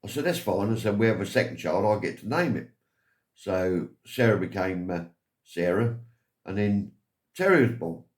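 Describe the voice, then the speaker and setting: A man's voice: lowish voice, expressive, normal speed. An older Englishman telling rambling, chuckling family stories in a vlog, acting out the voices of the people he quotes. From England. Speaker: vlogger. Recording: roomy with faint music behind.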